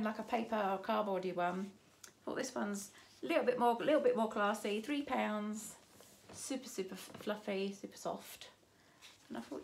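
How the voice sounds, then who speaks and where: Chatty grandmother with a gravelly voice. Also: on the high side, a little hiss or hum. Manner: chatty, rambling, restarts and trails off. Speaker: vlogger showing a shopping haul. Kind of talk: casual haul chat.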